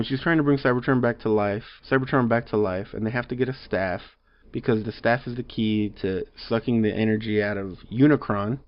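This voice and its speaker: A man casually reviewing a movie at home, rambling with lots of fillers and growing exasperated. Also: mid-range voice. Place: home room. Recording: slightly dull lo-fi audio.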